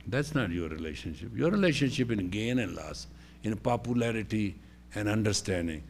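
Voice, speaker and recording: A man lecturing as a spiritual teacher to a room of teachers, telling stories in halting, slow phrases, swinging between hushed asides and loud bursts and acting out the voices of his characters. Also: on the low side, lively intonation, a little hiss or hum.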